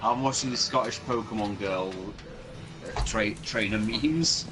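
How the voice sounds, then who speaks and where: A man's voice: on the low side, unhurried. A man co-commentating a gameplay session, crude and playful, trading jokes. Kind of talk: casual gameplay chat. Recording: game music underneath. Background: game music.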